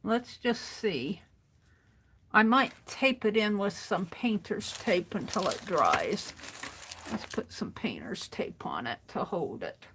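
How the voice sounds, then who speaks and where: A woman's voice: medium pitch, very animated, noisy background. A woman hosting a casual crafting livestream, talking to herself as she works and drifting from the mic now and then. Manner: unhurried, muttering to herself while working.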